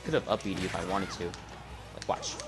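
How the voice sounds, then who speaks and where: A man giving live gameplay commentary, trash-talking the opponent and muttering between loud outbursts. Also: low-pitched, wildly swooping pitch, moderate pace. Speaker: gamer. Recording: loud game music behind voice. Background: fighting game music and effects.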